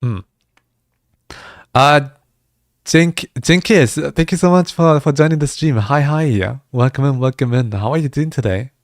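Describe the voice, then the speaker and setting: A man's voice: mid-range voice, moderate pace, no echo, clean studio sound. A man chatting casually with viewers during a livestream, laughing often and restarting his words as he goes. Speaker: music streamer.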